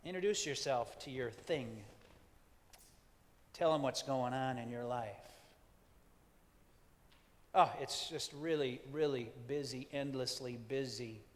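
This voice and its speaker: A man's voice: medium pitch, slow, long pauses. Man preaching in a reverberant church. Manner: gentle guided reflection with playful asides. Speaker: pastor. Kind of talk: sermon. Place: church sanctuary. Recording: long hall reverb.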